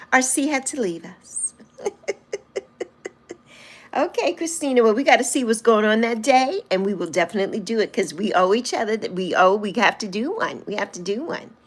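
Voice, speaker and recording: A woman's voice: on the high side, lively intonation, normal speed, long pauses, breathy edge. A woman in her sixties hosting a casual livestream, chatting with viewers and playfully teasing them as she reads and answers their comments, laughing often. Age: 60s. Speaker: livestream host.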